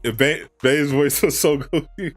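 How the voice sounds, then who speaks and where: A man's voice: on the high side, unhurried, soft background music. A man streaming, chatting in a laid-back way with frequent restarts, close to a desk microphone. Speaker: gaming streamer. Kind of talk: casual chat. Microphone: desk condenser mic.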